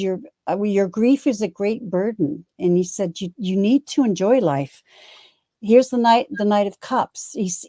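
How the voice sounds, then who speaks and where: A woman tarot reader going through a card spread, speaking gently and comfortingly with halting restarts. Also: medium pitch, no room sound.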